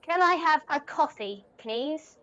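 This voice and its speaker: A polite young woman ordering coffee, played by a woman, her voice high and clear. The audio sounds dull and lo-fi. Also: expressive, takes it slowly, fairly bright tone, heavily acted. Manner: polite, simple phrases.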